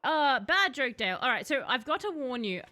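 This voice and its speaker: A woman livestreams a game, chatting casually in a high, brisk voice. She reads the chat aloud and now and then bursts out excitedly.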